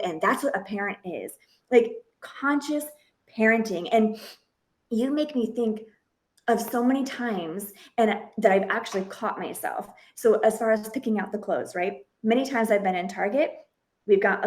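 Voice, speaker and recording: Woman host of a parenting podcast, fairly high-pitched, chatty and animated, slips into quoted dialogue while telling a story. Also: normal speed. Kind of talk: podcast interview, conversational.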